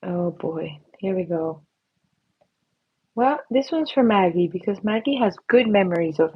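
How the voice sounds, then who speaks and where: Playful, breathy woman painting on a livestream. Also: medium pitch, lively intonation, measured pace, muffled recording. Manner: playful and chatty, slipping into silly voices and whispers. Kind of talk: casual live-stream chat while painting. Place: at her painting desk.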